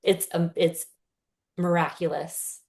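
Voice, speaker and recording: A woman's voice: lowish voice, little pitch movement, takes it slowly, vocal fry, darkish tone. A woman in her thirties, a guest healer on a podcast, explaining earnestly and acting out the inner voices she describes. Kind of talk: casual podcast interview.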